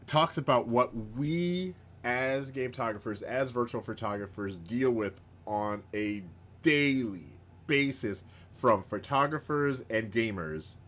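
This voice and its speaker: A man hosting a live stream in casual chat, rambling, chuckling often and bursting into excited outbursts. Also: medium pitch. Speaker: host of a live-streamed show.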